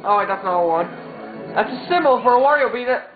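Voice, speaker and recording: A man's voice: very high voice, animated, fast. Tinny, echoey young man rambling over game music. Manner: rambling, stumbling restarts. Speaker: gameplay commentator. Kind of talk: casual gameplay commentary.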